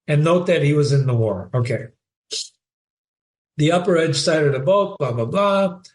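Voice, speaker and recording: A man's voice: fairly high pitch, animated, moderate pace. A man giving a casual spoken analysis of a short story, teaching by asking rhetorical questions. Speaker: literature teacher.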